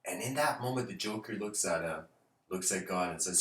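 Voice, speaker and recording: A man's voice: low voice, a little fast, a bit bright, recorded from a distance. Rambling man lecturing in an echoey room. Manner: rambling, laughs often, many fillers. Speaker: speaker. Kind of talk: informal spiritual lecture. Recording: roomy echo.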